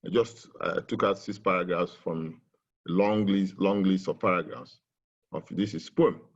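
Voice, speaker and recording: A middle-aged man speaking in a webinar, halting with many fillers and slow and emphatic when he reads aloud. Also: sits low, steady tone, dull audio. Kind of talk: webinar talk with a poem reading. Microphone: video call.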